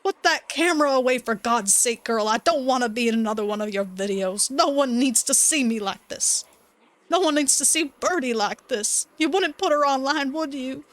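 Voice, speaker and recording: A woman voicing a gruff older rural man, loud and folksy, fiercely protective of his chickens. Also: high-pitched, expressive, moderate pace, dry recording. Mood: pleading. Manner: folksy, blustering, raised voice.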